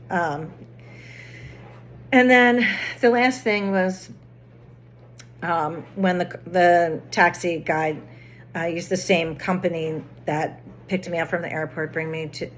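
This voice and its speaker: A woman's voice: fairly low pitch, a little hiss or hum. A woman vlogger chatting casually, rambling through a personal story with many restarts and fillers.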